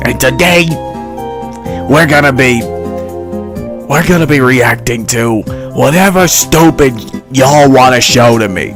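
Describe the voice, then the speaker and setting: A man's voice: mid-range voice, a little slow, lightly acted. A man putting on an exaggerated impression of a male streamer greeting his fans, with music playing behind him. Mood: hyped.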